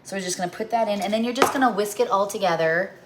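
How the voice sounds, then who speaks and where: A woman's voice: mid-range voice, fast talker, background noise. A middle-aged woman hosting a home cooking livestream, rambling through stories while she talks viewers through a recipe.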